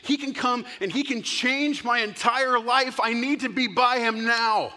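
Man doing a high, urgent blind beggar crying for mercy, echoey hall. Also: unhurried, bright, forceful tone, heavily acted. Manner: pleading and urgent.

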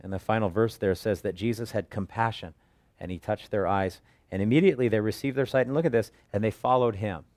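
A man preaching as a pastor, teaching verse by verse and retelling the story with earnest, animated delivery. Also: on the low side, fast talker, dry recording. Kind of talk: expository Bible teaching.

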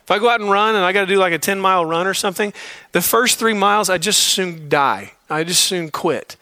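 A man's voice: high-pitched, fairly quick, sharp tone, no room sound. A man leading a men's Bible study, preaching in a direct, exhorting way and repeating key phrases. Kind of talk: sermon to a men's group.

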